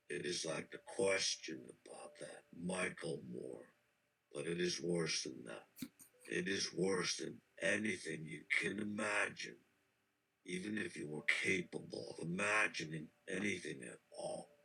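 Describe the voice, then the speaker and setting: A pompous, threatening shoggoth monster, put on by a man reading it aloud, proclaiming its will as a many-minded thing. The voice sits very low and gravelly, with a husky edge. It talks slowly and deliberately. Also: pushed and bright, full character voice, poor audio. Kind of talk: reading AI text in character.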